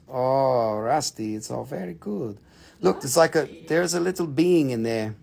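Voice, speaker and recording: A man's voice: medium pitch, expressive, measured pace, gravelly, a little mellow, breathy edge. A man hosting a live rock sale in a casual, joking way, cursing freely and slipping into playful put-on accents. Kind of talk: casual live sales stream.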